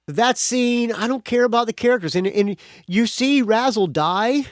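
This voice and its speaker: A man's voice: extremely high pitch, normal speed, no echo, studio quality. A male podcast host giving a casual movie review monologue, blunt and profane, with frequent restarts.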